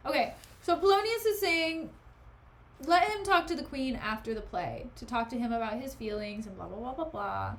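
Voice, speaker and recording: A woman's voice: on the high side, lively intonation, moderate pace, a little hiss or hum. A young woman streamer reading a play aloud and chatting sarcastically about it in slang.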